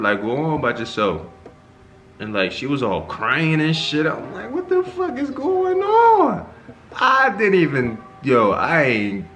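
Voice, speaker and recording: A young man vlogging a casual storytime, animated and full of slang and swearing, his pitch leaping up whenever he acts out his own reactions. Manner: animated, profane slang-heavy storytelling with sharp jumps in pitch on quoted reactions.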